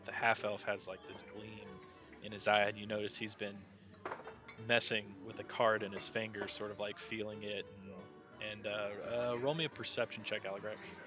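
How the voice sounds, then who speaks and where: A man narrating as game master in a tabletop role-playing game, with a relaxed, rambling delivery. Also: on the low side, moderate pace, music in the background.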